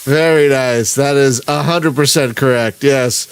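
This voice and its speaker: With a medium-pitched, fairly even voice at a moderate pace, this man runs a gaming stream, offering loose, rambling commentary on his play. He often cuts himself off, starts over, and chuckles.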